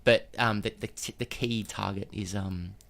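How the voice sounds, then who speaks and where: Director losing his voice, hesitant and halting, on a studio mic, radio guest. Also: fairly low pitch, steady tone, creaky, fairly bright tone. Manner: hesitant, lots of ums and restarts. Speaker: film director. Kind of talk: casual radio interview guest. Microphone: studio microphone.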